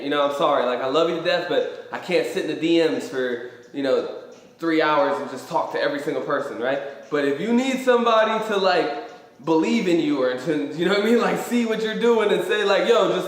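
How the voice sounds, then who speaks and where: A young man hosting a motivational live stream, talking in an emphatic, rambling way and swearing freely. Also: on the high side. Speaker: host. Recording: very echoey hall.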